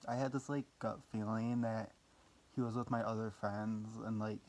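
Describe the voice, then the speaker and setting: A man's voice: lowish voice, fairly even intonation, moderate pace, a little mellow. A young man telling a personal story in a casual vlog, rambling with lots of fillers, swearing casually and making fun of himself. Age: young adult. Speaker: vlogger.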